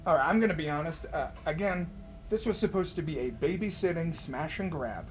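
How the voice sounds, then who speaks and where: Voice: mid-range voice, fairly quick, slight background noise. A player in a tabletop horror game, complaining wryly and bluntly. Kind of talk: casual tabletop play.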